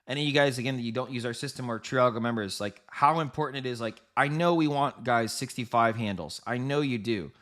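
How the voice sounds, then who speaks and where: Here a man hosts a live trading stream in a mid-range, fairly bright voice, talking fast with hardly a pause. He's chatty and laughs often, breaking down market moves directly for his viewers.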